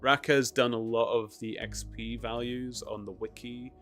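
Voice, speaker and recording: A man chatting casually on a live stream, rambling through stories with plenty of ums and little chuckles. His voice sits at an ordinary middle pitch, with faint music playing behind him. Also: flat delivery, moderate pace, fairly bright tone. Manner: rambling, chuckling, many fillers. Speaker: streamer host.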